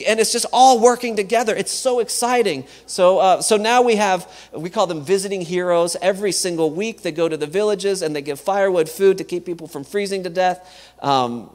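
Earnest guy giving a church talk, kinda high voice, repeats words a lot, big echoey hall. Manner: earnest, repeats words, acts out quoted dialogue. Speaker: missionary speaker.

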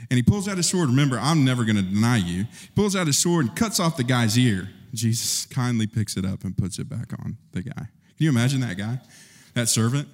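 A man preaching a sermon in an animated way, acting out the people in the story as he goes. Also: normal speed. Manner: animated, acts out quotes with rising pitch. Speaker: pastor. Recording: long hall reverb.

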